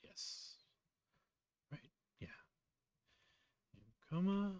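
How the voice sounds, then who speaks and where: A man's voice: extremely slow, a little mellow, no echo. A man hosting a casual live tutorial, muttering to himself as he works and chatting through explanations with fillers. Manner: muttering to himself while working, trailing off. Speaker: host.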